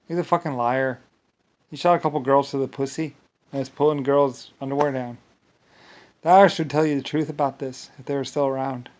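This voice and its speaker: A man's voice: mid-range voice, steady tone, brisk, darkish tone. A man delivering a rambling, agitated monologue to the camera, full of profanity and stumbling restarts.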